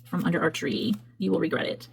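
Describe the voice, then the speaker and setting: A woman's voice: lowish voice, a little fast, vocal fry, husky, heavily acted. A woman briefly voicing grumpy territorial owls in a mock-threatening tone, close to her own voice. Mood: mock warning.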